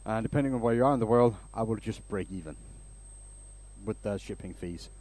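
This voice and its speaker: A man's voice: fairly low pitch, a little fast, warm tone, a little hiss or hum. A man hosting a woodturning live stream in a workshop, chatting casually and rambling through stories.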